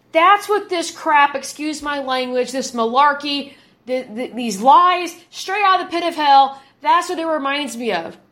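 Indignant high-voiced woman podcaster. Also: a bit bright. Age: 30s. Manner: indignant, emphatic, repeats words for force. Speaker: podcast host. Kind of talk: opinionated commentary monologue.

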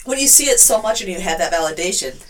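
A woman's voice: medium pitch, animated, quick pace, far from the mic. A woman in casual podcast chat, giving supportive replies and sharing her own story. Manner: supportive listener with short agreeing replies.

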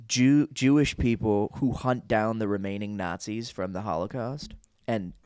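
An enthusiastic young man talks casually on a podcast, keen to recommend what he loves. His voice is mid-pitched and smooth, recorded close with no room sound. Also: measured pace, darkish tone, dry recording. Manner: enthusiastic, recommends shows eagerly. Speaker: podcast co-host. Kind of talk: casual chat.

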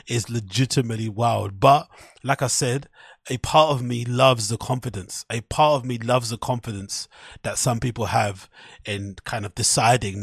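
A husky-voiced man rambles through a solo podcast in a loose, profane way, full of fillers and amused laughter. His voice sits at an ordinary pitch and is recorded dry and close, with no room sound. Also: normal speed, dry recording. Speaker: podcast host.

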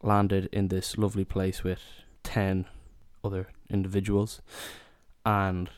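Irish guy in his 20s, lowish voice, rambling funny story, dry close mic. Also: completely flat delivery, takes it slowly, darkish tone, clean tone, no echo. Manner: rambling, full of "you know" and asides. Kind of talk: casual comic storytelling.

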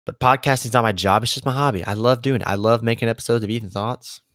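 This young podcast host, going solo, has a medium-pitched, fairly bright voice and talks quickly. He's conversational and rambling, frequently fixing his words mid-sentence, and the studio sound is clean with no room sound.

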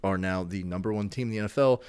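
A man's voice: low-pitched, fast talker, a little mellow, clean tone, no room sound. A young man co-hosting a podcast in casual chat, rambling with many restarts and fillers. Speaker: podcast co-host.

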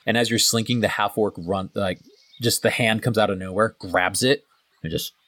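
A man's voice: on the low side, steady tone, normal speed, a bit bright, no room sound. A man narrating as game master in a tabletop game, loose and casual with many fillers.

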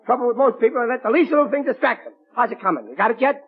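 Brief: high, fast-talking husky sitcom dad, bossy and exasperated, from a tinny old radio broadcast. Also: male voice, animated, exaggerated voice. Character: blustering, fussy working-class dad. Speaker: father of the household. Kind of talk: 1940s radio sitcom acting.

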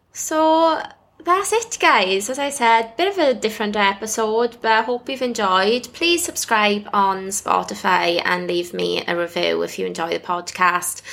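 A young British woman talks alone on her podcast. Her voice is bright and forward, and she speaks at a middling pitch. She sounds earnest and heartfelt as she thanks her listeners. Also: vocal fry. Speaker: podcast host. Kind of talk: casual solo podcast monologue.

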